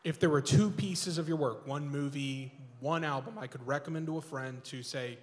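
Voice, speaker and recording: A man in the audience asks a polite, measured question, his slightly high voice heard from a distance. A long hall reverb trails behind each phrase. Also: steady tone. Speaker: audience member asking a question. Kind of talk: asking a question at a Q&A.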